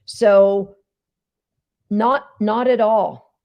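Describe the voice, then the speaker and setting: A woman's voice: mid-range voice, steady tone, extremely slow. A woman dog trainer hosting a casual live Q&A, chatty and emphatic, talking straight to her viewers. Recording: dull lo-fi sound.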